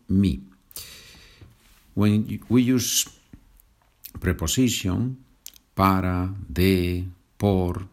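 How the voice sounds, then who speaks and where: A low-pitched man with a Spanish accent teaches a language lesson. He speaks slowly and patiently and sets each example sentence apart with care. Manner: slow and patient, switching between English and Spanish example sentences.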